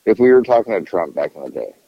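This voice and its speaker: Low-voiced man ranting on a podcast. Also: big pitch swings, fast, no echo, lo-fi sound. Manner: profane, rambling, restarts sentences. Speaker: podcast co-host. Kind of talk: casual political chat.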